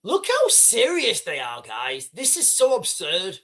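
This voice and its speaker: A British man hosting a livestream, rambling and animated as he talks straight to his viewers. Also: high-pitched, unhurried. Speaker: livestream host. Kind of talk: casual live commentary.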